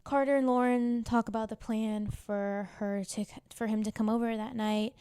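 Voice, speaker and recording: A chatty young woman walks through a TV drama recap, filling her sentences with "like" and asides. Her voice sits a little high but sounds mellow and warm. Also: little pitch movement, moderate pace, clean tone. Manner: chatty, full of "like" fillers and asides. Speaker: YouTube recap host. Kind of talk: casual TV episode recap.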